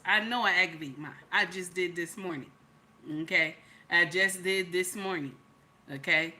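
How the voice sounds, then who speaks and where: A woman gives chatty reaction commentary on a vlog, animated and exclamatory and full of asides. Her voice is bright and sits in a mid pitch. She often jumps up high to mimic other people. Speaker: YouTube commentator.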